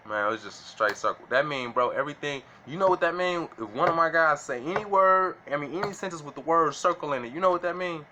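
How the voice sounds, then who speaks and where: Casual vlogger, man, slangy and bright, faint noise behind. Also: a little high, fast, few pauses. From Illinois. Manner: slangy, keeps asking "you know what I'm saying". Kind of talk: casual monologue to camera.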